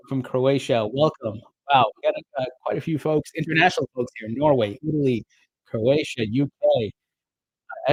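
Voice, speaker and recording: A man's voice: medium pitch, darkish tone, no echo. Chatty New Jersey man hosting a livestream. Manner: upbeat, chatty, greets viewers by name with filler ums. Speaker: crypto livestream host. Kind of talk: casual livestream chat reading viewer comments.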